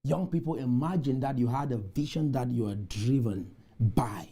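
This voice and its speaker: A man from Cameroon, giving a motivational conference speech full of repeated chants that burst into shouts. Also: mid-range voice, normal speed, husky. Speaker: motivational speaker. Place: conference room.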